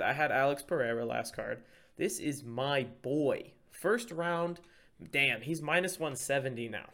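Excitable man hyping up fight picks. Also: medium pitch. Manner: excitable, profane, hypes up his picks. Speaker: podcast co-host. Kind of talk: casual chat.

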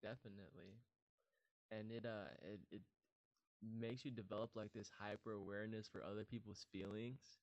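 A young man with a lowish voice talks candidly in a podcast chat, mocking himself and drifting loosely through his thoughts. The sound is dry and close, with no room around it. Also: steady tone, moderate pace, no echo, muffled recording. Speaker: podcast guest. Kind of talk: casual chat.

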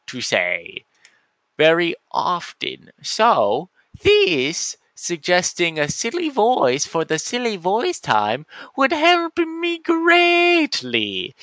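A man voicing a sneaky, mischievous male goblin in a drawn-out, theatrical way. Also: high voice, sharp tone, dry recording, voice pushed up, full character voice.

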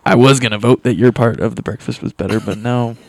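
A man's voice: mid-range voice, steady tone, fairly quick, creaky. Easygoing man judging breakfast. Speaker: guest taster. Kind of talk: casual family chat.

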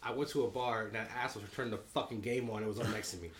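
A man's voice: fairly low pitch, fairly even intonation, very fast, a little hiss or hum. A man co-hosting a podcast, ranting about basketball in casual, heavily profane talk. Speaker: podcast co-host. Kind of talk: casual sports chat.

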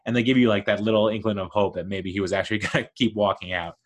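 A man hosts a solo podcast, thinking aloud in an eager, rambling way and telling stories with lots of life. His voice is fairly low and he talks fast.

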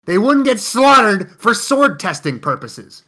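A man's voice: sits high, very animated, measured pace, sharp tone. A man co-hosting a comedy podcast, sarcastic and profane, lecturing in a mock-serious way. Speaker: podcast co-host. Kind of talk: casual comedy podcast chat.

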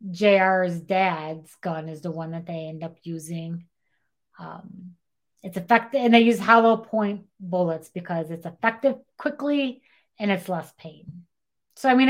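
A young woman co-hosting a podcast casually retells a true-crime story, animatedly acting out what people said and saying "like" a lot. Her voice is medium-pitched and a little slow.

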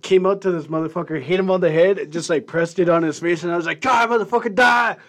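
A man's voice: a little high, fairly even intonation, fast, a little mellow. A young man co-hosting a casual podcast, telling profane, laughing stories and acting out the voices in them. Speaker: podcast co-host. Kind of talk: casual chat, storytelling.

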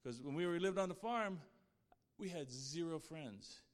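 A man with a somewhat high voice gives an earnest, heartfelt faith testimony. His words carry a long reverb, as if spoken in a large hall. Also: lively intonation, measured pace. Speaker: guest speaker sharing his testimony.

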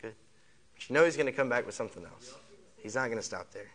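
A medium-pitched, slightly bright voice drives this pastor's animated, quick-paced sermon. He returns to phrases repeatedly, piles up rhetorical questions and leads the congregation in call-and-response, with them repeating his lines.

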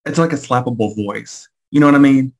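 A young woman co-hosting a podcast, joking in a blunt, deadpan way with plenty of cussing. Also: very deep voice, a little fast. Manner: blunt, deadpan, profane humor. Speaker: podcast co-host. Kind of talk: casual chat.

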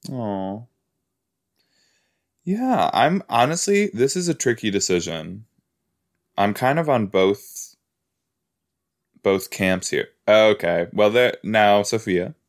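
A man hosting a podcast, chatting casually as he reacts to a TV episode, easily amused and quick to gasp and laugh. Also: on the low side, very animated.

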